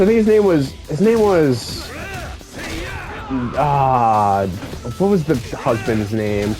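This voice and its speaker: A young man recapping a video game story while playing, rambling with excitable, profane asides. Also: medium pitch, takes it slowly, over music, low-quality recording. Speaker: let's play gamer.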